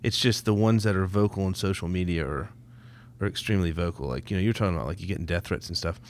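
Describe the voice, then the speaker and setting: A man's voice: low-pitched, fast. A man co-hosting a podcast, chatting casually and making his points emphatically. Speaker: podcast co-host.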